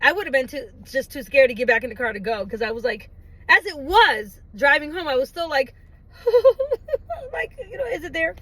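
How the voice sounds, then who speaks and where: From a parked car, a middle-aged woman vlogs casually, her high voice brisk as she laughs through a story and performs her own squeals. The recording quality is low.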